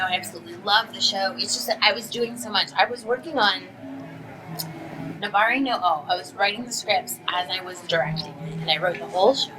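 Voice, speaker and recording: Bubbly, animated woman voice actress. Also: medium pitch, poor audio. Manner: bubbly, animated storytelling with quick asides. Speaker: voice actress and anime script writer, guest. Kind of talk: casual press conference answers. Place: convention press room. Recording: music playing in the background.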